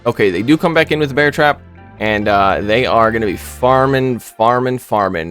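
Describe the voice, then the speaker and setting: A man's voice: medium pitch, fairly quick, a bit bright, faint music behind. Casual, rambling male gameplay commentator. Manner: rambling, joking, many filler words. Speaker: gaming YouTuber.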